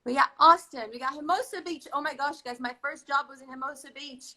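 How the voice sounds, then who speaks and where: A woman's voice: high voice, brisk, sharp tone, low-quality recording. A woman hosting a live video-call baking stream, chatting effusively and reading out where viewers are. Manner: effusive, reads out viewer comments. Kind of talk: casual live-stream chat.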